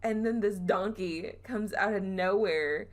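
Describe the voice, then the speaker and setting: A woman's voice: mid-range voice, unhurried. A young woman from the southern United States, hosting a podcast and retelling a ghost story in casual chat, giggling and correcting herself as she goes. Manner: chatty, giggly, trails off and self-corrects. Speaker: podcast host.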